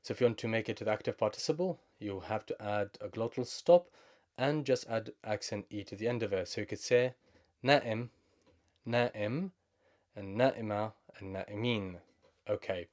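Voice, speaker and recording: Lower-voiced man teaching Arabic. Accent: Levantine Arabic. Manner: explains slowly, switching between English and Arabic examples. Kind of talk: language lesson.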